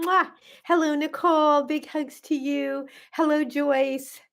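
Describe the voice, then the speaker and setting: Older woman, fairly high voice, casual livestream chat, effusive greetings, stretched-out hellos. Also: steady tone. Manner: effusive, greets viewers by name with drawn-out hellos and kisses. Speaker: gut health coach hosting a livestream. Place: home in Santa Barbara.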